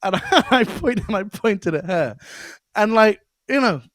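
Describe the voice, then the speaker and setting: A man chats on a podcast, spinning anecdotes with animated energy and laughter at the punchlines. His voice sits somewhat high. The sound is dry and close. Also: a little slow, no room sound. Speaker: comedian and podcast guest. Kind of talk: casual podcast chat.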